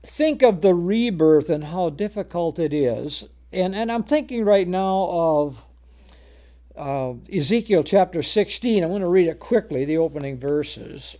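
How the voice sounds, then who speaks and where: Delivering a sermon in a voice that sits high, a man reads scripture in archaic language and then puts it in plain terms. He often repeats himself and gets loud to stress important words.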